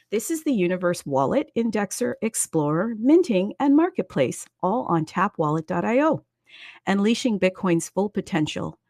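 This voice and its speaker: A woman's voice: medium pitch, a little mellow, no room sound. A woman hosting a casual crypto show, chatty and playful, with singsong greetings and plenty of asides. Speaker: host.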